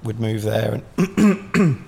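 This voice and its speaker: A man's voice: fairly low pitch, sing-song, drawn-out words, vocal fry, darkish tone, husky. A man from Southampton, telling a long story as a podcast guest in a casual, rambling way, full of fillers and swearing. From Southampton, England.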